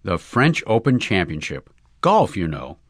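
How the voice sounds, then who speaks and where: A man voicing an earnest, excitable young golfer in love, raising his voice a little for him. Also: low-pitched, measured pace, no echo, studio quality, exaggerated voice.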